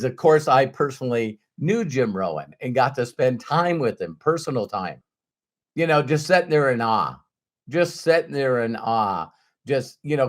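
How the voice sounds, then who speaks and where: A middle-aged man speaking as a motivational speaker, earnest and emphatic, at a mid-range pitch. He often restarts and repeats words as he pushes his point. The delivery is heartfelt and direct. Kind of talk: motivational talk to camera.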